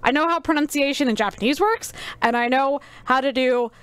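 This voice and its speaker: A woman's voice: high voice, fairly quick. A woman commentating casually on a card game stream, chatty and rambling with frequent ums.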